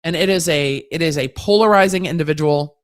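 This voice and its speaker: A woman's voice: low voice, brisk. Chatty woman legal livestream host. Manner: chatty, conversational, with frequent restarts and asides; breezy and sassy, mixing slang into legal talk. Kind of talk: casual livestream Q&A, answering viewer chat.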